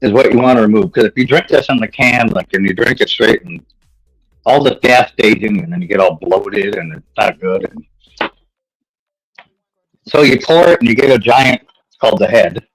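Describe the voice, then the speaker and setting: A man's voice: fairly low pitch, moderate pace, pauses often, breathy edge, soft background music, poor audio. A man co-hosting a casual livestream chat, explaining things bluntly and swearing freely. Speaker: co-host.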